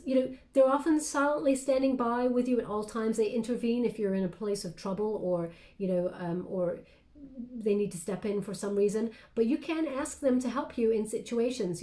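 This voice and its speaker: Mellow-voiced woman giving a chatty card reading. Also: on the high side. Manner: gentle, affectionate, chatty with many fillers. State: briefly tearful then composing herself. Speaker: tarot card reader. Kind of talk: casual spoken card reading.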